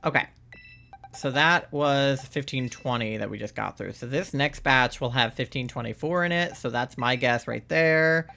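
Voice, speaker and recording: A man's voice: medium pitch, a little slow, gravelly, pushed and bright. A man giving rambling, playful, casual commentary while live-streaming a video game from a home setup, sounding a little sleepy. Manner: rambling, chatty, playful, with laughs and squeals. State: sleepy, yawning.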